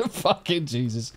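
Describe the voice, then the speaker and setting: A man's voice: mid-range voice, a bit bright. A man streaming a game, chatting casually, swearing and teasing while thanking viewers. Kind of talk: casual live-stream chat. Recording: faint music behind.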